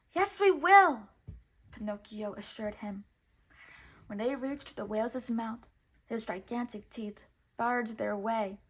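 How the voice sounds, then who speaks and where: A woman reading a children's storybook aloud in clear, measured narration. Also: fairly high pitch. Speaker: storybook reader.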